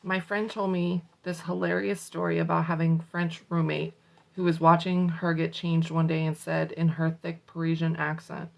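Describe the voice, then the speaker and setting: A woman's voice: deep voice, flat delivery, normal speed, gravelly, rough recording. A woman hosting a morning motivation show, reading a self-help book aloud with casual, salty asides. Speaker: motivational host.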